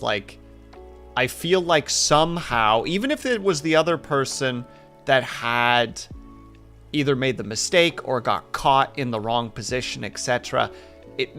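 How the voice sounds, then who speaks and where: Male streamer, mid pitch, gravelly, casual rambling chat over faint music. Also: pushed and bright. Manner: rambling, reflective, many fillers.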